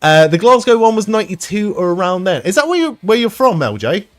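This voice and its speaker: Lively rambling man streaming live. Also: high voice, a little fast. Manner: rambling, swears freely, chuckles. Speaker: livestream host reading chat. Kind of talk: casual live-stream chat.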